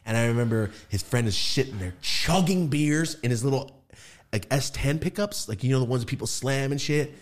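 A man's voice: medium pitch, fairly quick. A man hosting a podcast, telling a story in casual chat, swearing freely and acting out voices as he goes. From California. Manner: animated, swearing, acts out voices with laughs. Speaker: podcast host.

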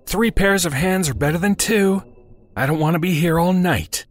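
Man doing a high-pitched, bossy woman crook, sarcastic and threatening, for a horror audio story. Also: normal speed. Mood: sarcastic menacing. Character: tough sarcastic woman criminal, menacing.

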